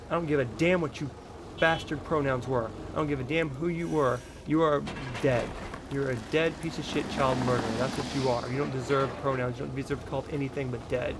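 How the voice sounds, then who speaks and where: A man's voice: medium pitch, fairly even intonation, brisk, background noise. A man in his thirties from the United States, delivering a heated, profane vlog rant full of repetition. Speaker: vlogger. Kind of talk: angry political rant.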